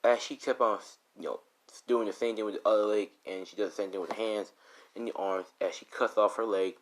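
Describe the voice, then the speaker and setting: A man improvising a dark fan story, rambling with frequent self-corrections and "you know"s. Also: fairly low pitch, steady tone, fairly quick. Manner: rambling, many restarts and fillers.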